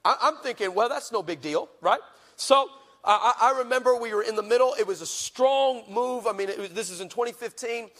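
A male pastor preaching a sermon, with fervent declarative prayer and lively storytelling full of repetition. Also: very high-pitched, a little fast. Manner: lively storyteller who acts out dialogue.

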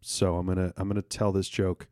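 A man co-hosting a podcast, telling jokes in a rambling, halting way with lots of fillers and restarts and casual swearing. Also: low voice, completely flat delivery, dark tone, dry recording, studio quality. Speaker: podcast co-host.

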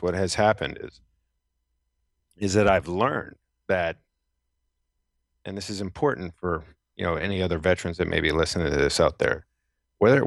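A man's voice: low voice, no room sound, clean studio sound. A middle-aged man, a military veteran, telling his story as a podcast guest in an earnest, rambling way with many fillers and restarts. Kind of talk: casual storytelling interview. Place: Los Angeles.

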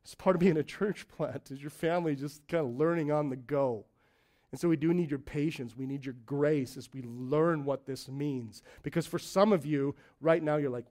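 High-voiced man preaching a casual sermon. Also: normal speed, dark tone. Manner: conversational, joking asides, acts out quoted voices. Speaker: lead elder of a church plant.

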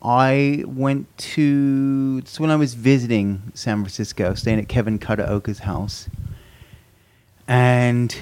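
A man in casual podcast chat, telling a story in a relaxed way. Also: mid-range voice, slow, clean tone.

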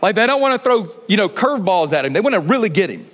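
A man preaching a sermon in a conversational way, full of rhetorical questions, often dropping to a quiet, low delivery for emphasis. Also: big pitch swings, quick pace. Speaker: pastor.

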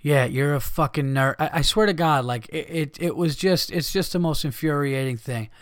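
A man with a fairly high voice rants into the mic, profane and exasperated. He slips into mocking imitations of other people. The sound is dry and close, with no room echo. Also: normal speed. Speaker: podcast host. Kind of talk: ranting monologue.

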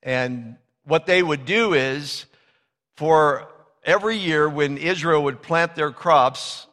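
A man's voice: fairly high pitch, slow pace, a bit bright. A man preaching a sermon, retelling a Bible story in a casual, conversational way and acting out the characters' lines. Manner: storytelling, conversational, acts out biblical dialogue. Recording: reverberant hall.

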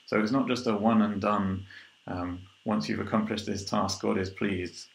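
A man giving an informal sermon. He reads scripture aloud and then explains it in a relaxed way, thinking aloud with frequent ums and restarts. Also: fairly low pitch, normal speed, creaky. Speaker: preacher. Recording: roomy echo.

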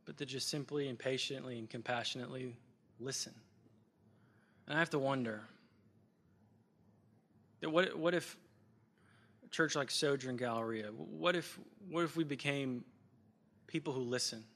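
Bright-voiced, earnest male preacher. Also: mid-range voice, moderate pace, long pauses, in a large hall. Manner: earnest, reflective, repeating phrases for emphasis. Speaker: pastor. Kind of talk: sermon.

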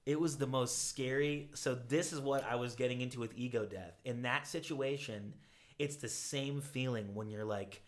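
A man's voice: medium pitch, moderate pace. Profane storytelling podcast host man. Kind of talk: casual chat, storytelling.

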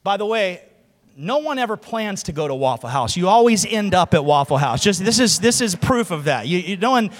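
A man's voice: high-pitched, big pitch swings, a little fast. A man preaching a sermon, telling stories with animation and acting out the other people's voices in a large church hall. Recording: long hall reverb.

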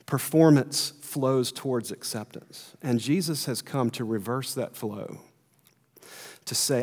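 A man's voice: medium pitch, slow, a little mellow. Male pastor, earnest sermon, mid-range voice, long hall reverb. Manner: earnest, building emphasis, repeats words.

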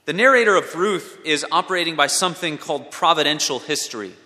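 A man's voice: fairly high pitch, animated, fast talker, pushed and bright. A man giving a sermon as a pastor, asking his listeners questions and repeating words as he thinks. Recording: long hall reverb.

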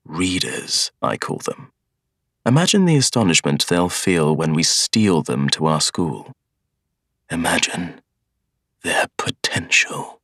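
A cold, scheming young schoolmaster of Evil, as a male narrator plays him. He speaks low and slowly, laying out his plans in a measured, persuasive way. The storybook reading is dry and close. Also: very animated, fairly bright tone, no room sound, exaggerated voice. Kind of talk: audiobook character voice.

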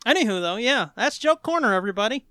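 Casting note: high, bright-voiced man hosting a loose, crude podcast. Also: lively intonation, quick pace, smooth, dry recording, clean studio sound. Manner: joking, crude, laughs often. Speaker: podcast host. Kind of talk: casual podcast chat.

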